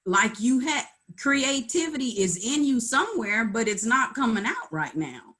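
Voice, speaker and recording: A middle-aged woman on a video call, speaking in an earnest, tired, halting way. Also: on the high side, sing-song, fairly bright tone. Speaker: call participant, artist. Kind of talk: candid group video call.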